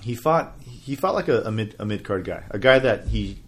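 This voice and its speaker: A man's voice: lowish voice, lively intonation, moderate pace. A man hosting a casual wrestling podcast, talking in a loose, rambling way. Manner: rambling, many fillers and restarts. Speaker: podcast host. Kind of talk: casual chat.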